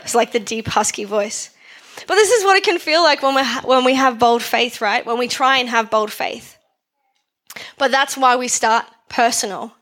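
A woman's voice: fairly high pitch, normal speed, a bit bright. A woman preaching a sermon in a conversational way, asking her listeners questions and repeating phrases for emphasis. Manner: conversational, asks the congregation questions.

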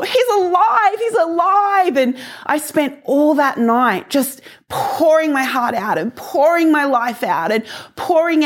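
A woman in her forties sharing a personal faith testimony. She tells it earnestly and emotionally, dropping to hushed lows and rising to excited highs. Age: 40s.

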